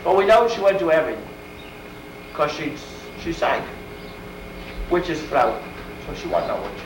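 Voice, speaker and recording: High-voiced man telling medieval tales. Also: sing-song, measured pace. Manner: folksy, rambling, speaks in old-timey rustic grammar; talks straight to listeners and asks them questions. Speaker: costumed medieval storyteller. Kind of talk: first-person historical role-play for an audience. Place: school event crowd area. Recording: echoey camcorder sound from far off with faint noise.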